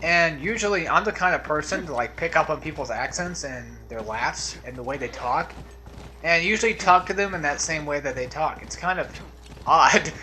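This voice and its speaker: A man talking over his gameplay in a loose, rambling way, wandering from topic to topic and letting sentences trail off. His voice sits a little high for a man and has a bright, sharp edge. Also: normal speed, slight background noise. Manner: rambling, drifts off on tangents; laid-back, trails off into mumbles. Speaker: let's play commentator. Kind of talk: casual gameplay commentary.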